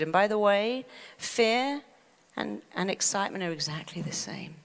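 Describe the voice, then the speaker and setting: Sex: female. Role: therapist and speaker. Style: animated motivational stage talk, mid-pitched voice. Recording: long reverb of a large hall. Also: moderate pace, creaky. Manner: animated storytelling with acted quotes.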